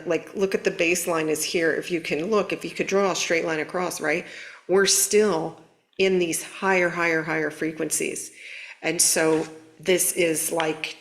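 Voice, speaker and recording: Woman, spiritual coach host, lowish voice, casual earnest delivery. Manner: earnest, conversational, animated storytelling.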